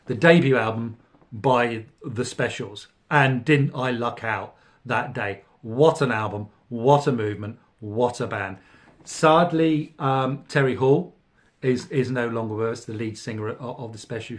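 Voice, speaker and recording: A middle-aged man hosting a casual podcast about vinyl records, rambling with many fillers and restarts. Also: mid-range voice. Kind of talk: casual spoken review.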